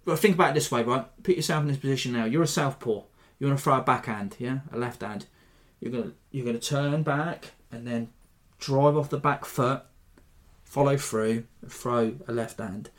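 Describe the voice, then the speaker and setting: A man's voice: medium pitch, moderate pace. Rambling male fight-podcast host. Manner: rambling, animated, self-deprecating. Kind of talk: casual fight analysis.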